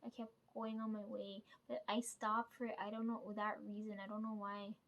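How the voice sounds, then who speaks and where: A woman's voice: mid-range voice, little pitch movement, normal speed, lo-fi sound. A woman casually retelling a dream in a rambling way, often checking in with "right?" and swearing freely. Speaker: vlogger.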